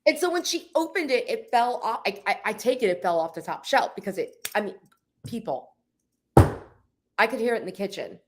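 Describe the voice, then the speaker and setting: On a podcast she co-hosts, a realtor in her forties chats casually and animatedly through a story, addressing her listeners as "people." She speaks briskly in a voice on the high side, with a little hiss or hum in the audio.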